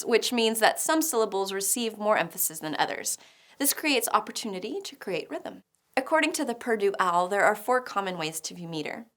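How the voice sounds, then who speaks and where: A woman narrates a lesson on poetry in a clear, explanatory way. Her pitch sits in the middle of the range, and now and then a dry little joke slips in. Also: a bit bright. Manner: clear and explanatory, with light humor. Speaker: teacher. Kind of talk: scripted educational narration.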